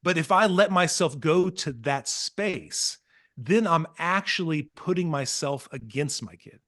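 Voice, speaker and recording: Earnest, animated man telling stories. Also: on the high side, unhurried. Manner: earnest, animated storytelling, acts out quotes. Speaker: guest, parenting speaker. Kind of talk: casual podcast conversation.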